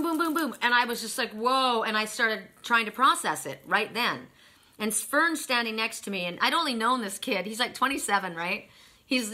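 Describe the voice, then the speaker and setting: A middle-aged woman, a tarot and oracle card reader, gives a casual spiritual reading in a mid-range voice that sounds pushed and bright. Her monologue is full of rambling stories, restarts, and asides.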